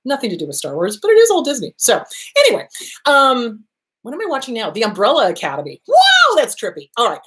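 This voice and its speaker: Animated woman host giving therapy advice. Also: fairly high pitch, quick pace. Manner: animated, acts out inner voices and quotes. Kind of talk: casual advice talk.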